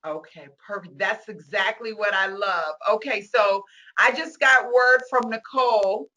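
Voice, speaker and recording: A woman hosting a virtual meet-and-greet over a video call, gushing and excitable, laughing often and close to tears. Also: mid-range voice, measured pace. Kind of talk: casual video-call chat.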